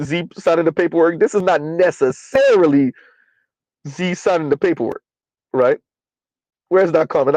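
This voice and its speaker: A man's voice: a little high, a little mellow, dry recording, rough recording. A man hosting a live-streamed commentary show, talking emphatically to viewers and reading their comments, often repeating lines for effect. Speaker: livestream commentary host.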